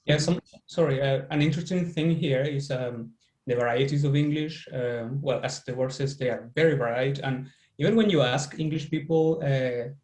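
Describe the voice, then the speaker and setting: A man's voice: mid-range voice, normal speed, darkish tone, echoey room. A man with a Chilean Spanish accent hosting a conference discussion on a video call, hesitant and full of ums. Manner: hesitant, many ums, rephrases. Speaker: conference host.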